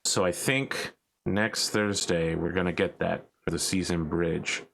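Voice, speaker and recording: A man with a very deep voice runs a tabletop role-playing game as game master. He keeps a wry, conversational tone as he talks to the players. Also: fairly even intonation, measured pace, gravelly, a bit bright, slight background noise.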